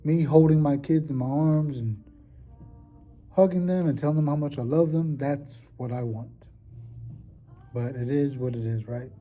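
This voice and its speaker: A man's voice: medium pitch, mellow. A man talking casually in a vlog, rambling and heartfelt, with lots of fillers. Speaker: vlogger. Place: at work.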